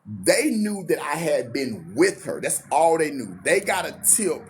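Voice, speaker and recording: A man telling a personal story in a casual, animated way, acting out the quoted lines. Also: fairly high pitch, a little slow, vocal fry, slight background noise. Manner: animated, acts out every quote in his story.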